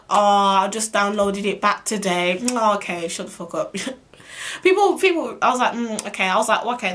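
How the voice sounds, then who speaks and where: Chatty young woman telling a story. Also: on the high side. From Birmingham, England. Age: young adult. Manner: chatty, animated, swears freely. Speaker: vlogger. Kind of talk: casual storytime.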